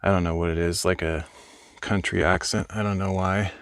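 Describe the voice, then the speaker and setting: A man's voice: sits low, fairly even intonation, moderate pace, clean tone, no room sound, clean studio sound. A young adult man live streaming while hiking outdoors, chatting casually and thinking aloud as he answers viewers. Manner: rambling, thinking aloud, replies to chat. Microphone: phone.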